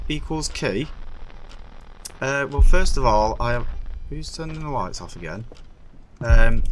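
A man narrating his own horror game session, muttering to himself between sudden startled yelps. His voice sits mid-range, with swearing and nervous running commentary. Clear noise and clicking run under the recording. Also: mid-range voice, lively intonation, a little slow, long pauses. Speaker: gaming streamer.

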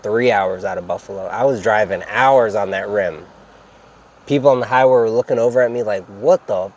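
A young man telling a storytime in a casual, animated way, acting out the quotes and laughing between lines. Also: on the low side, slight background noise.

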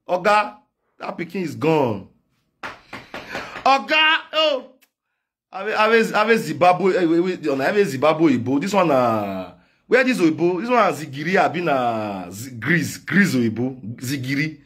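A man with a Nigerian Pidgin accent, delivering a loud comic rant in chanted, repetitive call-outs. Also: a little high, sing-song, unhurried, breathy edge. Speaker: online comedian. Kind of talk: singing and shouting comic rant.

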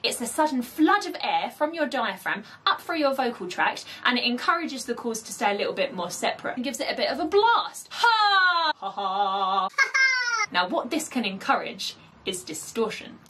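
A woman's voice: fairly high pitch, very animated, fairly quick, a bit bright, a little hiss or hum. A woman vocal coach reacting to a song and explaining vocal technique with enthusiasm, singing short demonstrations.

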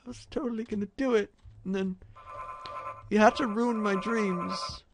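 A man doing let's play commentary, muttering low and then breaking into loud frustrated shouts. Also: steady tone, moderate pace, noisy background. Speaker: gaming commentator.

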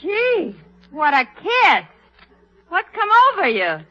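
A woman in a 1940s radio comedy, trading dry, deadpan wisecracks. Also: very high-pitched, slow pace. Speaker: comedy sidekick. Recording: dull old radio recording.

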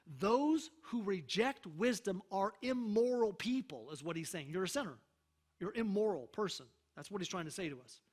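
Preaching as pastor, a high-voiced man delivers his sermon emphatically, easing his pace for scripture readings and pausing to check in with the congregation.

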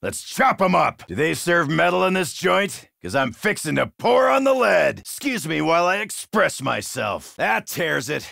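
A gruff, cocky middle-aged marine barks his wisecracks. His voice is heavily gravelly and bright, jumping up and down in pitch. The recording is dry and close, with no room sound. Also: big pitch swings, moderate pace, hardly any pauses, dry recording, exaggerated voice. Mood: gung-ho. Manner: brash, shouty wisecracking. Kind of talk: video game voice lines.

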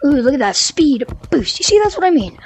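A woman's voice: high voice, sing-song, fairly quick, soft background music. A woman giving casual, jokey commentary while playing an active VR game, a little out of breath. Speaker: gamer streaming VR gameplay.

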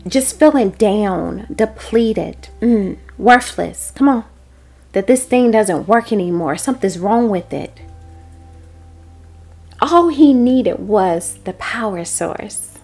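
A woman hosting a devotional prophetic message, speaking earnestly and dropping into soft, whispered prayer. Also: medium pitch, expressive, slow pace, vocal fry, soft background music. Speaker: host and prophetic teacher.

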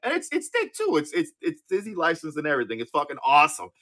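An excitable man in his thirties runs a live sales stream in a slightly raised, bouncy voice. His tone is bright and cutting, and he swears freely and trips over repeated words as he chats along. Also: a little high, fast talker. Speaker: live-auction seller. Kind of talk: casual livestream sales chat.

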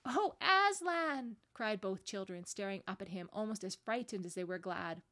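A woman's voice: mid-range voice, steady tone, fairly quick. Woman reading a storybook aloud.

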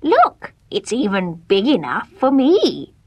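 A wicked old storybook witch, put on by a woman, her voice pitched high and shrill as she gloats and coaxes slyly. She cackles over her plans in a husky, breathy tone. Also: wildly swooping pitch, takes it slowly, no room sound, dull audio, full character voice. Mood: sly coaxing. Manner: shrill and gloating, sly coaxing.

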